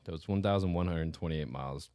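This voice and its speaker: Very deep-voiced joking podcast guy. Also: fast talker, dark tone, clean tone, no room sound, clean studio sound. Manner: laid-back, joking, trailing off mid-sentence. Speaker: podcast co-host. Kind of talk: casual chat.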